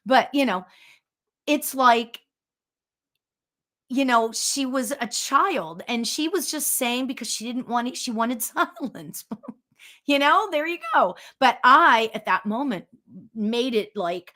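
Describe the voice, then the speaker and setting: This is a woman in her fifties with a notably high voice, chatting casually as the host of a spiritual show. She tells stories with animated energy and breaks into laughter often, heard over a video call. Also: takes it slowly.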